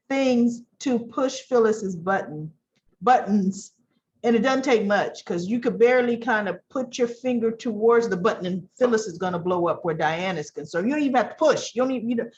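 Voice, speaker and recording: A woman casually recapping a soap opera and acting out the characters' quoted lines with shifts of pitch. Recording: dull lo-fi recording.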